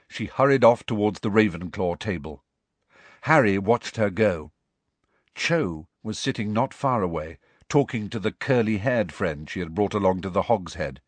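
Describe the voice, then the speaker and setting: A man reads a story aloud in a low, slightly husky voice. His delivery is expressive, with wide, lively swings in pitch. The sound is dry and close. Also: moderate pace, dry recording. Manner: expressive storytelling that shifts voice for each character. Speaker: audiobook narrator. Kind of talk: scripted narration.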